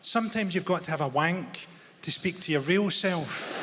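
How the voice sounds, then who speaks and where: A man's voice: a little high, lively intonation, normal speed. A male stand-up comedian telling stories on a theatre stage in a dry, conversational way. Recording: theatre reverb, faint noise.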